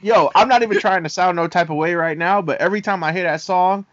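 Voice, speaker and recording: A man's voice: high voice, fast talker, dry recording. A man hosting a casual podcast chat, talking in a loose, slangy, playful way. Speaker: podcast host. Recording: dry, muffled lo-fi audio.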